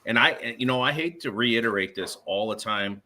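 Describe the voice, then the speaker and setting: A man's voice: medium pitch, fairly quick, pushed and bright. A man on a podcast speaking emphatically and with exasperation. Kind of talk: podcast chat.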